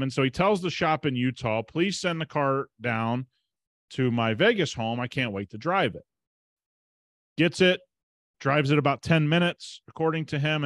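A podcast host spins a long anecdote in a casual storytelling monologue, chatty and emphatic, retelling conversations with quoted dialogue. His voice sits at an ordinary middle pitch. The sound is close and dry, with no room and no echo.

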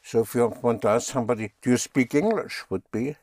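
A man's voice: mid-range voice, a little fast, a little mellow, no room sound, clean studio sound. A man teaching German, patiently spelling words out and having learners repeat them. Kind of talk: slow language lesson.

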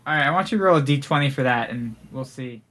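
A man running a tabletop game as game master, narrating with relaxed, halting delivery. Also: medium pitch.

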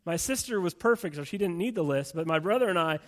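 High-voiced man preaching conversationally. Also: animated, quick pace. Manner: conversational and rambling, with many restarts and "right?" asides. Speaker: pastor. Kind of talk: sermon to a live audience with slides.

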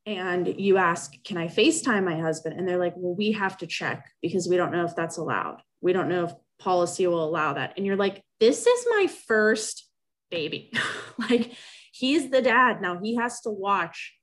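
A woman's voice: on the low side, moderate pace, few pauses. A young woman telling a personal story in casual conversation, acting out the remembered exchanges in her own voice. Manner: animated, acts out remembered exchanges. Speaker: guest sharing a personal story.

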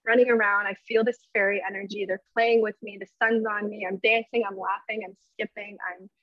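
A woman's voice: medium pitch, level tone, a little fast, no echo. A woman speaking as a podcast guest in casual interview chat, emotional, effusive and earnest. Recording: dull, slightly lo-fi sound.

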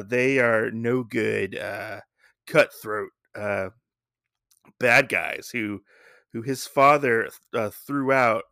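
Guy rambling through a comic recap, lots of uhs, bright voice, dry close mic. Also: medium pitch, gravelly, dry recording. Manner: rambling, many fillers. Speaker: podcast host. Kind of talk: casual comic book recap.

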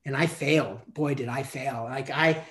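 A man's voice: medium pitch, normal speed, a bit bright. A man in his fifties, a coach and podcast guest, telling stories in a rambling way with many restarts and fillers. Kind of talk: casual storytelling interview.

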